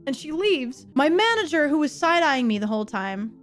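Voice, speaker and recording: A woman streamer telling a comedic story from her life in an animated, expressive way. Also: sits high, moderate pace.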